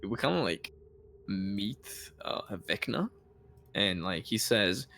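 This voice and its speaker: A man with a gravelly, fry-edged voice that swoops up and down, cracking playful jokes as he trades banter at a tabletop gaming session. His speech is loose and conversational. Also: lowish voice, big pitch swings, takes it slowly, fairly bright tone. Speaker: player. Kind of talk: casual chat at a tabletop game.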